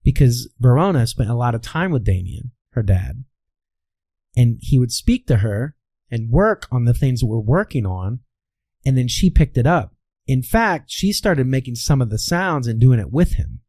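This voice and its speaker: A voice coach from Kansas, USA, appears as an interview guest, explaining things through anecdotes and often checking in with "all right." He has a softened Midwestern American accent and a very animated mid-range voice at normal speed, slightly mellow, recorded dry.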